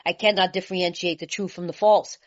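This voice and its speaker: A woman from California speaking at a recovery meeting, telling her story in a lively, colloquial way and laughing often. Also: on the low side, brisk. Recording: slightly muffled lo-fi recording.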